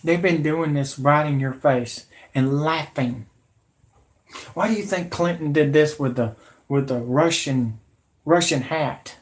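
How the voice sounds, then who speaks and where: A man's voice: on the high side, unhurried. A man in his late thirties hosting his own channel, delivering a heated, repetitive, confrontational political rant. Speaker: channel host.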